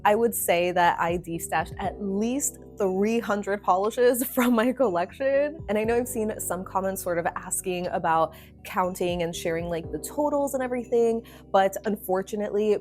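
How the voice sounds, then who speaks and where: A woman's voice: mid-range voice, normal speed, a little mellow, soft background music. A young woman hosting her own nail polish channel, chatting to camera in a rambling, apologetic way with plenty of fillers. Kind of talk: casual talk to camera.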